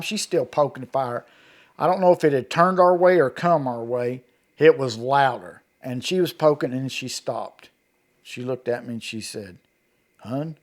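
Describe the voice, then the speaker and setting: This middle-aged man from Kentucky has a darkish, mid-range voice and appears as an eyewitness guest in an interview. His storytelling is homespun and rural, and he dramatizes the quoted dialogue.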